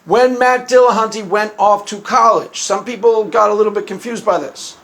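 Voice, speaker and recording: Guy w a really high voice doing a rambly solo commentary video, repeats himself a lot, laughs at his own jokes. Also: steady tone, moderate pace, a bit bright. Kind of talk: casual monologue commentary.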